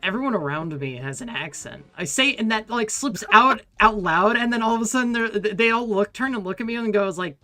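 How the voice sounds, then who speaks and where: A man's voice: high-pitched, animated, fairly quick, few pauses, sharp tone. An American man streaming a game and rambling casually, often laughing and swearing. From United States.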